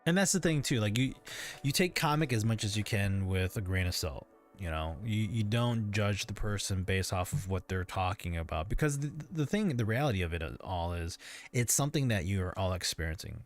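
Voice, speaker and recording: A man's voice: on the low side, lively intonation, a little fast, soft background music. A man hosting a livestream in casual chat, rambling and hesitant with frequent restarts. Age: adult parent. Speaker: livestream host.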